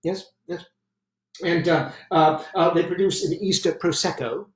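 An actor in a one-man show playing an intense, excitable British WWII general, performing a theatrical solo stage monologue and repeating phrases for emphasis. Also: high voice, moderate pace, close to an everyday voice. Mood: zealous. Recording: roomy sound from a distant mic.

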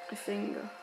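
A woman's voice: medium pitch, vocal fry, poor audio. A woman giving casual, self-deprecating commentary while playing a football video game, often muttering to herself. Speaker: gaming YouTuber.

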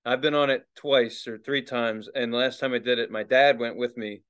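A man co-hosting a podcast in relaxed casual chat, swearing freely and chiming in with short replies. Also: medium pitch, moderate pace, clear, resonant tone, muffled recording. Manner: laid-back, profane, short backchannel replies. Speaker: podcast co-host.

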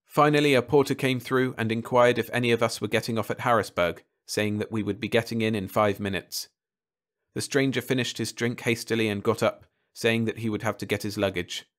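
A man narrating a short story as an audiobook in a calm, steady way. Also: lowish voice, fairly quick. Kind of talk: scripted narration.

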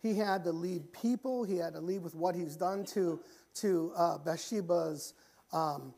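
A man preaching a church sermon, often repeating and restarting phrases and rising in pitch and volume when he reaches the pleading passages. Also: measured pace, vocal fry. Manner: grows louder and higher when pleading passages. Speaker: pastor. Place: church sanctuary.

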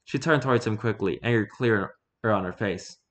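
A man narrating a story in a measured, low voice and performing the characters himself. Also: a bit bright.

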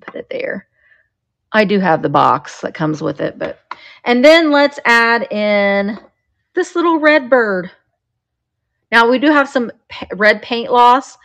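Lady doing a live vintage sale, kinda high voice, takes her time, chatty about each thing. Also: expressive, slow, fairly bright tone. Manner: chatty, describes items as she shows them. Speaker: live auction seller.

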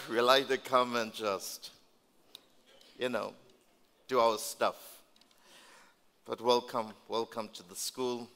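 A man's voice: medium pitch, fairly even intonation, slow, long pauses, pushed and bright, slight background noise. A man leading a ministry school session, preaching emphatically and repeating phrases to the crowd. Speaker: pastor hosting a ministry school. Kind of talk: preaching welcome address. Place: large church hall. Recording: long hall reverb.

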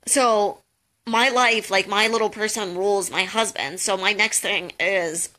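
A woman's voice: mid-range voice, unhurried, sharp tone. A young woman giving casual advice on a live call, chatty and jokey, full of "um" and "like". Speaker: host of a social media tips call.

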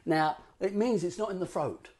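A man giving a playful voice lesson as a voice coach, swooping between low talk and high vocal demonstrations. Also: moderate pace, darkish tone.

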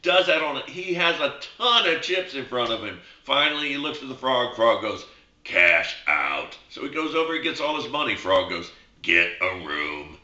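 A man's voice: fairly high pitch, expressive, brisk, few pauses, sharp tone. A man hosting a casual show, chatting and telling a joke with fillers and jokey asides. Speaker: host. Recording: roomy, dull lo-fi sound.

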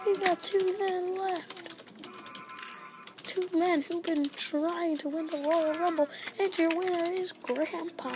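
A woman giving chatty, excitable let's-play commentary in a library, sometimes dropping to a whisper. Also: high-pitched, vocal fry, noisy background. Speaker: gaming video host. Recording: loud keyboard clatter in background. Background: keyboard typing and clicks.

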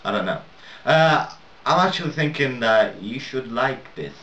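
A gaming video maker narrates a casual let's-play while building, rambling, mocking himself and swearing a lot. His mid-range voice is bright, forceful and animated but unhurried. The lo-fi mic sounds distant, dull and roomy, with slight background noise.

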